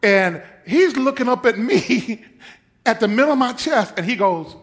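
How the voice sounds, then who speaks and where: Male pastor, sermon storytelling, high voice, big swings in pitch, unhurried. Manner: animated storytelling, acts out voices, laughs often.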